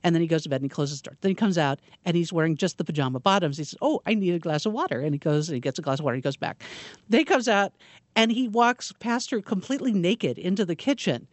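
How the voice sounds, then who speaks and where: A woman co-hosting a radio show, chatting and retelling stories in an animated way. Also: on the low side, quick pace, dry recording. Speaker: radio co-host. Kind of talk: casual radio banter.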